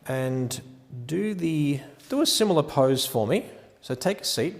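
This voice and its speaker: A man teaching wedding photography posing, talking through each adjustment while gently directing a model. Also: on the high side, animated, a little slow, big-room sound, slight background noise.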